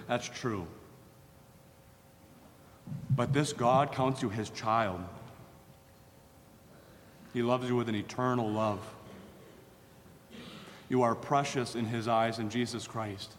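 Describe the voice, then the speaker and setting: A pastor delivers an earnest sermon, repeating phrases for emphasis. The recording carries hall reverb and a faint rumble.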